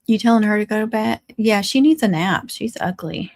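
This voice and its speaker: A woman's voice: mid-range voice, a little fast, a little mellow, no room sound, clean studio sound. A woman hosting a crafting livestream, chatting casually and teasing her viewers with frequent laughs. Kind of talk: casual live-stream chat.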